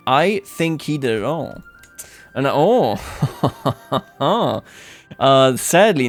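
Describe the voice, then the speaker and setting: A man giving sarcastic, jokey let's-play commentary on a strategy game, often laughing at his own remarks. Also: medium pitch. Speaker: gaming YouTuber.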